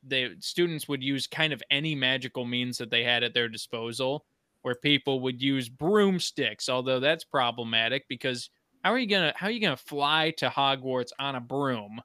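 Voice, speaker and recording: A man hosting a casual chat podcast, animated and jokey, sprinkling his talk with "you know". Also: medium pitch, moderate pace, no echo. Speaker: podcast host.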